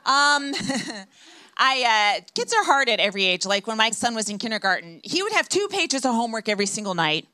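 A woman's voice: a little high, a little fast. Dry stand-up comedian woman on stage. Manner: dry, deadpan punchlines. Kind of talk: stand-up set.

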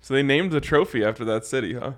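A man's voice: medium pitch, expressive, fast. A man co-hosting a podcast, telling stories in slangy, laid-back, casual banter. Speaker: podcast co-host.

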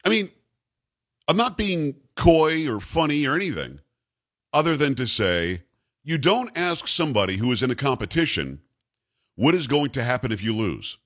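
A male talk radio host with a lively, swinging pitch. He argues by firing rhetorical questions at his co-host. He leans hard on his points. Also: normal speed.

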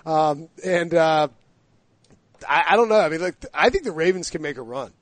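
Male sports host, chatty, slightly higher voice, dry close mic. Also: moderate pace, no room sound. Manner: chatty, joking, lots of fillers. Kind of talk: casual sports debate.

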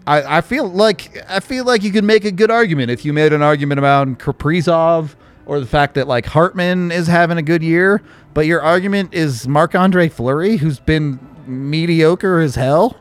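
A man hosting a casual hockey podcast, easygoing and quick to laugh. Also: a little high. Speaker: podcast host. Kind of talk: casual sports chat.

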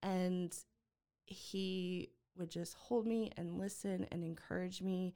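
A woman guest on a podcast telling a personal story in an earnest, halting way, with many fillers and restarts. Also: on the low side, steady tone, warm tone.

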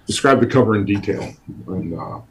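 A man who coaches college offensive line, guesting on a podcast, speaking in a halting way with repeated words and restarts. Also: fairly low pitch, lively intonation, rough recording. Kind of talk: casual podcast chat.

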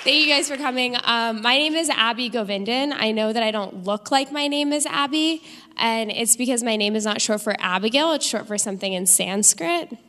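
A young woman performing a live stand-up comedy set with an animated, punchy delivery in front of an audience. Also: fairly high pitch, normal speed, some chatter behind. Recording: live stage recording with long hall reverb.

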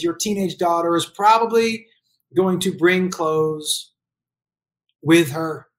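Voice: mid-range voice, a bit bright. Blunt, profane middle-aged parent ranting. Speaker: parent giving advice. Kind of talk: casual comedic rant.

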